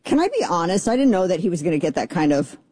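A woman's voice: lowish voice, sing-song, fast talker, warm tone, breathy edge. A middle-aged woman hosting a political radio talk show, chatty, opinionated and sarcastic. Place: radio studio.

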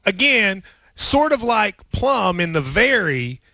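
A man's voice: high-pitched, slow pace, no echo. A man, co-hosting a casual chat and quizzing his partner on mountain sayings. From Appalachia. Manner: animated, quizzing his co-host on regional sayings.

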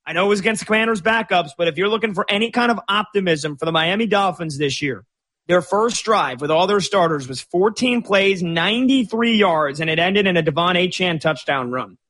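A man's voice: high voice, brisk, fairly bright tone. Chatty, opinionated male sports radio host. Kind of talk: casual sports talk. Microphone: studio microphone.

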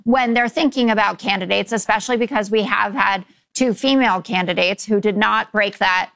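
A woman on a talk show panel, making measured points and correcting others. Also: mid-range voice, gravelly, fairly bright tone, clean tone. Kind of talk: panel discussion.

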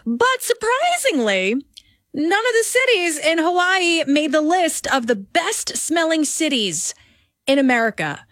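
A woman's voice: high voice, lively intonation, a little slow, a bit bright, no echo, studio quality. A woman radio host musing casually on air, chatty and correcting herself as she goes.

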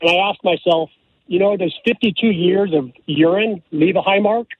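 A man's voice: sits high, normal speed, husky. A man calling into a sports radio show, telling a story that builds to a joke. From California. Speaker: caller. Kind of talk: phone-in chat. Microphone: phone. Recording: phone line.

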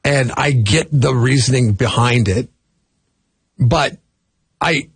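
A man's voice: mid-range voice, slow pace, husky, no echo. A man co-hosting a radio morning show, chatting casually on air in an opinionated, jokey way and often restarting his sentences. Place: radio studio.

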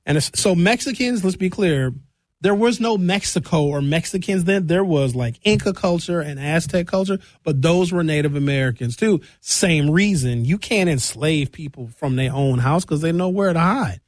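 A male host giving casual, opinionated call-in commentary in an animated, joking way. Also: fairly high pitch, normal speed, no echo.

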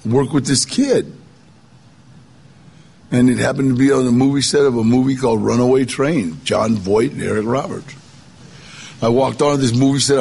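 An older man appears as a guest storyteller, recounting his life story casually and conversationally while acting out the voices of people he quotes. His medium-pitched voice is husky and a little mellow, with vocal fry.

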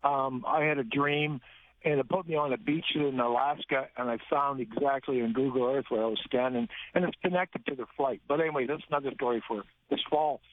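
A man from Alberta, an Air Force veteran calling in to a radio show, talking haltingly with many fillers. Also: medium pitch. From Alberta, Canada. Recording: tinny phone line, dry.

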